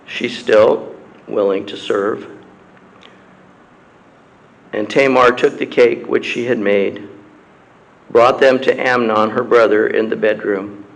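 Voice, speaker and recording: Slow, measured male preacher. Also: lowish voice, steady tone, rough recording. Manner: slow, measured delivery with long pauses and frequent throat-clearing. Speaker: pastor. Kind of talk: sermon, reading scripture aloud. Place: church.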